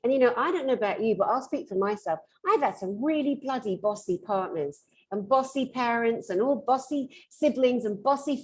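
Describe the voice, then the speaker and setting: A British woman hosting an interview, talking in a lively, playful, high-energy way. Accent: British English. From England. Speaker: host. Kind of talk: casual interview chat.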